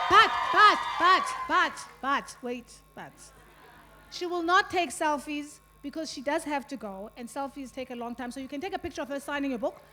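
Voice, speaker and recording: A woman's voice: sits high, very noisy. A woman moderating a festival session, making firm, practical announcements to the audience. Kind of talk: event announcements.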